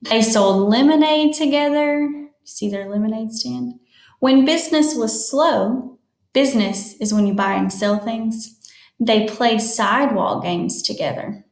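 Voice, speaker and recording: A woman reads a children's picture book aloud at a slow, patient pace. She stops to explain new words and points things out in the pictures. Her voice sits fairly high, and the room is echoey. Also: vocal fry. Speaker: storytime reader.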